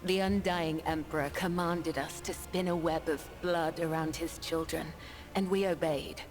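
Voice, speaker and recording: A woman voicing the solemn leader of a devout assassin cult in a video game, speaking in slow, grave ritual pronouncements. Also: low voice, fairly even intonation, rough recording. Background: game music.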